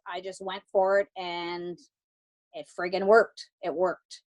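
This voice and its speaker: A woman's voice: medium pitch, fairly even intonation, a little slow, rough recording. A middle-aged woman giving an emphatic motivational pep talk to her sales team, stressing each tip with "okay?". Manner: emphatic, repeats advice with "okay?". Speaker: team member sharing a success story.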